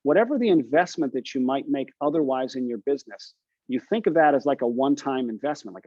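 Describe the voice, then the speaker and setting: On a group call, an encouraging male coach talks fast and animatedly in a warm, medium-pitched voice, asking the group questions during the coaching session. The recording is dry, with a dull sound.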